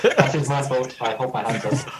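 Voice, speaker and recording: A man's voice: mid-range voice, big pitch swings, normal speed, very noisy. A man playing in a tabletop game over a video call, chatting casually and rambling with fillers. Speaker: player. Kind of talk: casual chat.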